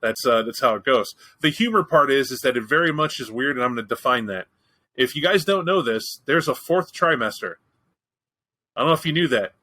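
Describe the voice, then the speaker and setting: A man hosts a show in easy, casual chat. His voice is bright and forceful. He tells his story bluntly, swears freely and jokes as he goes. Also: mid-range voice, expressive, fairly quick, low-quality recording. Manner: candid, profane, joking storyteller. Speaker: podcast host.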